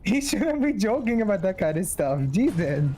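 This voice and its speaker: A co-player on a game stream, chatting and teasing in a relaxed, drawn-out way. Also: mid-range voice, slight background noise. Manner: slow, drawn-out joking delivery. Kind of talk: casual chat while gaming.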